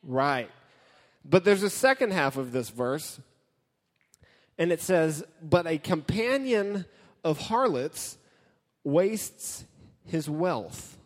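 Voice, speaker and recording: A man's voice: fairly high pitch, expressive, slow pace, long pauses. A man giving a casual, joking sermon as a youth pastor, talking straight to his audience. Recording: hall with long reverb.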